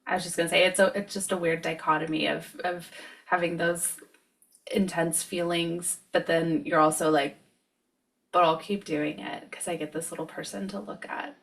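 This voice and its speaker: A woman co-host joins in the chat with an easy, musing comment. Her low voice has a gravelly fry to it. She sounds set back from the microphone. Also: fairly even intonation, moderate pace. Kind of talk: casual interview chat. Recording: off-mic, distant.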